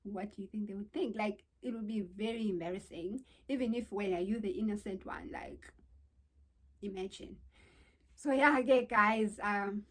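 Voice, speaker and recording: A young South African woman tells a story to her viewers in a casual vlog. She talks in an animated, exclamatory way, at a middling pitch for a woman. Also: normal speed. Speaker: vlogger.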